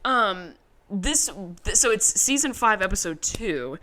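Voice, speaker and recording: A woman co-hosting a podcast, chatting casually in a profane, animated storytelling way. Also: medium pitch, a little slow. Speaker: podcast co-host. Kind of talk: casual recap chat.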